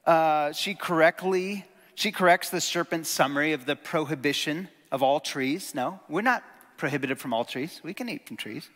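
Male preacher, slightly high voice, chatty teaching sermon, long hall echo. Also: normal speed, fairly bright tone. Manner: conversational teaching, enthusiastic asides. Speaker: pastor. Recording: reverberant hall.

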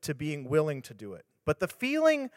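A man with a slightly higher voice talks like a pastor, candid and chatty. He retells a story loosely with restarts and asides. His voice carries a long reverb tail. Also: huge pitch swings, a little fast, studio quality. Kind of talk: casual devotional talk on scripture.

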